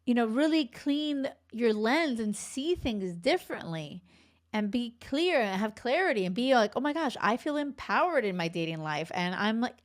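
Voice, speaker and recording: A dating coach in her forties hosts a podcast, speaking bluntly in a casual monologue. Her voice is mid-range, and she swears freely and laughs between asides.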